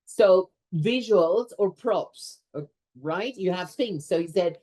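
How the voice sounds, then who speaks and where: Speaking to a room of teachers, a female teacher trainer delivers an expressive, animated workshop talk in a fairly low pitch. She frequently tosses in a quick "right?" to check in.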